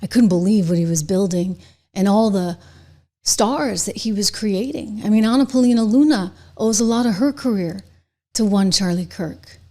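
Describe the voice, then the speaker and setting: A woman's voice: medium pitch, mellow. Indignant woman host delivering political commentary. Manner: indignant, emphatic, talks to viewers directly. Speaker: show host.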